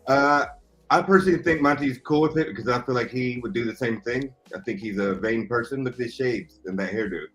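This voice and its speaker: A man who voices characters, answering fan questions in a relaxed, musing way at a signing. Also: mid-range voice, brisk, soft background music. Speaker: voice actor at a fan autograph signing.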